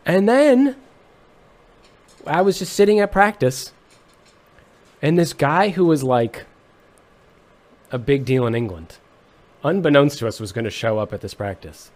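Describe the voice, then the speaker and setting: Deadpan joking young man. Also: a little high, unhurried, pauses often. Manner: deadpan joking, mock-serious. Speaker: podcast guest, musician. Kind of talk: casual comedic chat.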